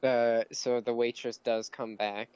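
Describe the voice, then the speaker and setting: A young man narrating a tabletop game as game master, rambling and halting with many fillers. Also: medium pitch, level tone, a little mellow. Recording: dull lo-fi mic with faint hiss.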